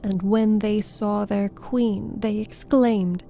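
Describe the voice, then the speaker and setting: A woman narrating a classic children's audiobook in a slow, gentle storytelling way. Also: medium pitch, steady tone, creaky, soft background music.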